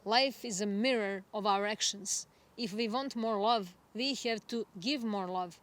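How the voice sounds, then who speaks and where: A woman astrologer giving a spiritual forecast monologue, gentle and reflective, unhurried and earnest. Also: medium pitch. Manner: gentle, reflective, soft laughs.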